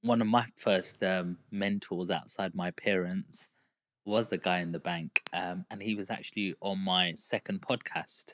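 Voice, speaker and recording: A man in his thirties with an East London accent, hosting a podcast interview and telling stories in a lively, chatty way. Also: deep voice, measured pace, noisy background. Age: 30s. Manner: lively storyteller, acts out quoted voices. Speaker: podcast host. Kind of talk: casual conversational interview.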